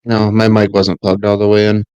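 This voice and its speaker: Low, smooth-voiced man rambling on a podcast. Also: completely flat delivery, darkish tone, dry recording, dull audio. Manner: rambling, halting restarts. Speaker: podcast co-host. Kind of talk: casual sports chat.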